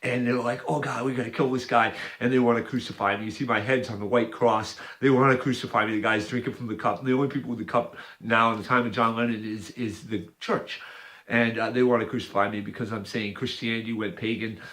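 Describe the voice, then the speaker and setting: A man's voice: medium pitch, fairly even intonation, quick pace, fairly bright tone. Rambling man describing a picture. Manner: rambling, repetitive, hesitant, with restarts. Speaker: video maker. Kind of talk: casual monologue describing an image.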